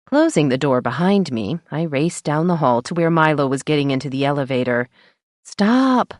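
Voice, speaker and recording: A woman's voice: low voice, fairly quick, a little mellow, no room sound. A woman narrating an audiobook in first person, with a wry storytelling manner, on a close mic. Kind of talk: scripted narration.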